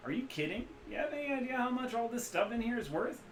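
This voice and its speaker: A man voicing a cheerful, hungover, scarred middle-aged man who runs a cybernetic back-alley clinic, speaking loud and boastful with a loose Midwestern accent. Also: very high voice, very animated, fast talker, faint music behind, pitched above the performer's own voice. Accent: loose Midwestern American. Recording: roomy echo, faint room ambience.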